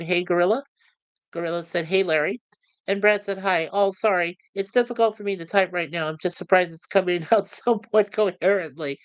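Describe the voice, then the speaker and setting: A man's voice: high voice, fairly bright tone, clear, resonant tone, dry recording. Man, livestream host, casual review chat, friendly chuckles, dry close sound. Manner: friendly, chuckling, reads chat messages aloud with filler pauses. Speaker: podcast host reviewing a TV series.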